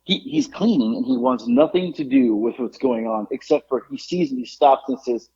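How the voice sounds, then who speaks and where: Animated storytelling man, husky and mellow. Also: mid-range voice, normal speed, dull audio. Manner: animated, acts out the people in his story. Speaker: podcast co-host. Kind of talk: casual storytelling.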